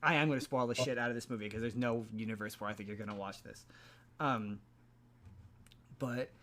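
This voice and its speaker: A man's voice: mid-range voice, fairly even intonation, fairly quick, fairly bright tone. A man hosting a podcast, casually recapping a film in a rambling way, with frequent restarts and repeated words. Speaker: podcast host.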